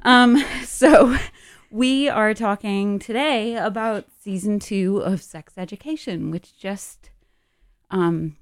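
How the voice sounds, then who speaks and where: A woman's voice: mid-range voice, slow pace, no room sound, clean studio sound. Giggly woman co-hosting a radio show. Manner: chatty, giggly, rambling with fillers. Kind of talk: casual radio chat. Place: radio studio.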